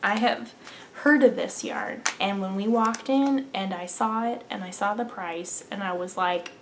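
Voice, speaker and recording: A woman's voice: mid-range voice, unhurried, slight background noise. A young woman hosting a knitting podcast, chatting casually and gushing about yarn, sometimes dropping into a whisper. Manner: gushing and enthusiastic, drops into whispers. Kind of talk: casual show-and-tell chat.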